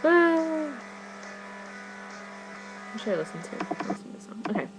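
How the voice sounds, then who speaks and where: A teenage girl vlogging to her webcam, telling a story excitedly and rambling with "like" in nearly every phrase. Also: fairly low pitch, very fast, poor audio. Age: teens. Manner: rambling, fillers, "like" constantly. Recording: music playing behind her.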